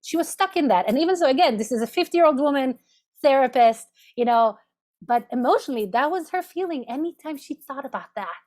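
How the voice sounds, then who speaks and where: A woman's voice: high voice, lively intonation, fairly quick, darkish tone. A woman therapist giving a lunch-and-learn talk over a video call, explaining step by step and often checking in with "right?". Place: home office, video call.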